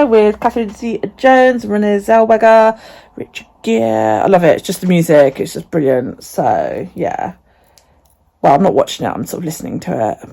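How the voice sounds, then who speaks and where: A woman's voice: medium pitch, creaky, darkish tone. Woman, casual home vlog, chatty, swears a lot, talks to her dog. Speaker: vlogger.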